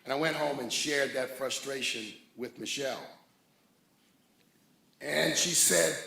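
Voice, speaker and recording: A man's voice: mid-range voice, measured pace, vocal fry, long pauses, pushed and bright. A man giving a jovial, rousing speech at a ribbon cutting, thanking and naming dignitaries from a podium. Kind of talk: public speech to a crowd. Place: large room with a crowd. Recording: echoey hall, crowd noise.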